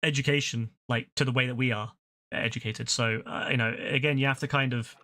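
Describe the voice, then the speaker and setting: A man's voice: medium pitch, steady tone, brisk, no room sound. A young British man from England, ranting and swearing in casual chat while streaming a game. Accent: British English. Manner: ranting, swears often, laughs loudly.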